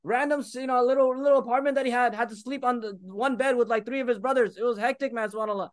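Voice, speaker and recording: Young guy preaching a sermon, really high voice, fired up, arabic phrases all through, dry close sound. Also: fairly even intonation, fast, no room sound. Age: 30s. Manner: impassioned, mixing in Arabic phrases and urging the listeners.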